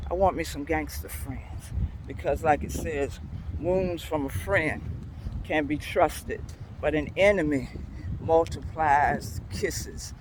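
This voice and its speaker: A woman's voice: deep voice, noisy background. An older woman hosting a devotional talk, speaking earnestly and telling stories from her life, recorded outdoors in a town. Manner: slow, earnest, unhurried storytelling. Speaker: devotional host. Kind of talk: devotional talk on a scripture verse.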